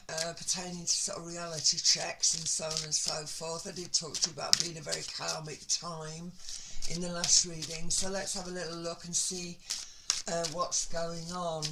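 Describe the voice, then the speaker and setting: Chatty woman reading tarot over loud noise. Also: low voice. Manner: chatty, talks to herself while laying out cards. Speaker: tarot reader. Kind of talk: casual tarot reading to camera. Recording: loud background noise with card shuffling.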